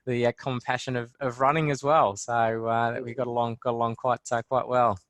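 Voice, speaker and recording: Australian man, podcast guest, friendly, halting, dry close mic. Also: medium pitch, flat delivery, a bit bright, no room sound. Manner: friendly, hesitant, many fillers. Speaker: guest sports chiropractor. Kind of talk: casual interview chat.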